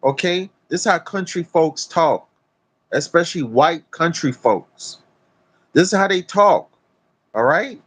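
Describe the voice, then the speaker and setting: A man rants outdoors into his phone camera with heavy profanity. He preaches with an emphatic edge. His voice sits a little high for a man. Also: animated, a little slow, a bit bright, breathy edge. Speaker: vlogger. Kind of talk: blunt talk-to-camera rant. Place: outdoors in nature.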